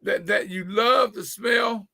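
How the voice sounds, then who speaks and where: A middle-aged man with a gravelly, fairly high voice hosts a motivational business talk. He speaks in a folksy, preachy way and drives his points home by repeating key phrases. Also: slow, pushed and bright. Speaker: host.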